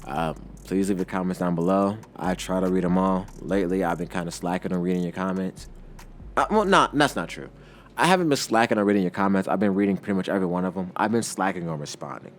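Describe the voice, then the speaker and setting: Male host narrating a casual fan story, low voice, relaxed and plainspoken. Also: quick pace, slight background noise.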